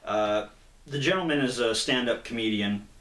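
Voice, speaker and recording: A man's voice: medium pitch, moderate pace. Casual man retelling a comic, echoey room. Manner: relaxed, rambling, fillers and acted-out quotes in a raised voice. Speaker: comic book reviewer, co-host.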